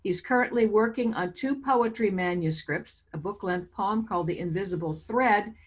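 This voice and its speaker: A woman's voice: medium pitch, normal speed, slightly rough. Woman hosting an online poetry reading. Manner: chatty and informal, reading out event details. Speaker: bookstore owner hosting a reading. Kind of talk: introducing a virtual poetry reading. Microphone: video call.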